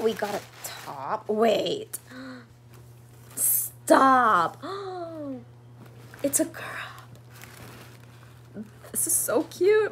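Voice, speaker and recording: A young woman in her twenties vlogs in a high-leaning voice, talking slowly and gushing with gasps and plenty of "like" and "oh my gosh". It is a casual, chatty vlog, with faint noise behind her. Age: 20s. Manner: gushing, gasping, full of "like" and "oh my gosh". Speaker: vlogger. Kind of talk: casual vlog, opening gifts.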